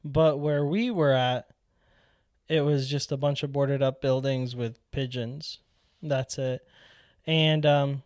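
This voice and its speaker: Young guy vlogging a funny story, talks slow, dry close sound, gets all animated quoting himself. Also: dry recording. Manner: animated, quotes himself in excited high voice. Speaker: powerlifter vlogger. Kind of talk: casual storytelling monologue.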